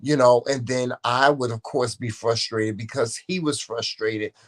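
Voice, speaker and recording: A man's voice: medium pitch, steady tone, unhurried. A man co-hosting a casual podcast, talking earnestly and often restarting his sentences. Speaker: co-host.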